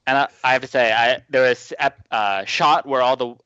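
Measured man with a smooth, bright voice. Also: mid-range voice, no echo. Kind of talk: casual discussion. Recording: dull lo-fi audio.

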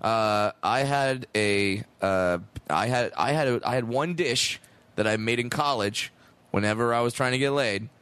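A man's voice: mid-range voice, unhurried, a bit bright, smooth, dry recording. A man riffs through a casual comedy podcast, joking and circling back on his own sentences. His voice sits in a middle register. The sound is close and dry, with no room. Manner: joking, rambling, with frequent restarts. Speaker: podcast co-host.

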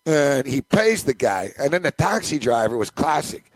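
A man's voice: medium pitch, normal speed, no echo. A middle-aged man hosting a sports radio show, telling a rambling anecdote and acting out the people in it. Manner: rambling, animated anecdote with acted-out quotes. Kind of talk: casual storytelling on a podcast.

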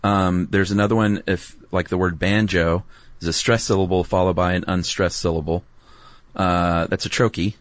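A man's voice: deep voice, steady tone, moderate pace, no echo. A man co-hosting a podcast, laid-back and wry, with many "um"s as he explains. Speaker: podcast co-host. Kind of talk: casual educational chat.

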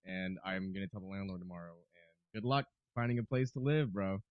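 A man's voice: low-pitched, brisk, no room sound. A man rambles easily through stories as a podcast guest, dropping casual swears. His voice sits dry and close to the mic. The audio is a little muffled and lo-fi. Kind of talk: casual comedy podcast chat.

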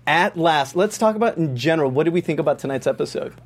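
Male show host, slightly high voice, chatty and upbeat, steers the panel. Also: animated, fast talker. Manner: upbeat, chatty, leads the discussion. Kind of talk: TV recap chat show.

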